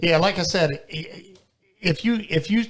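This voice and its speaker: A man co-hosting a casual podcast chat, blunt and profane, quick to laugh. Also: high voice, a bit bright. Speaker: podcast co-host.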